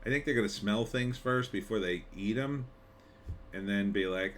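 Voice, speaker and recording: A screenwriter giving a rambling, conversational trailer reaction, full of fillers and wry asides. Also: male voice, on the low side, normal speed, slight background noise. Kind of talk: casual commentary.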